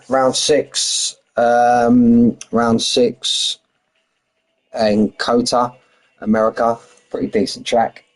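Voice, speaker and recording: Poor audio captures a mid-range male voice with a London accent, live-streaming a racing game from home in Spain. He's chatty with his viewers, drops "mate" constantly, calls out lap times, and replies to the chat.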